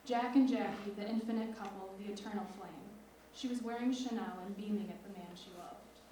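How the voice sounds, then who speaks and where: A teenage girl with a mellow, dark-toned voice reads her lyric essay in a measured, expressive way. She is set back from the mic in a large echoing hall, with faint noise behind her. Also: mid-range voice. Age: teens. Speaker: student writer. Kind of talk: reading a lyric essay aloud. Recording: echoey hall from far off.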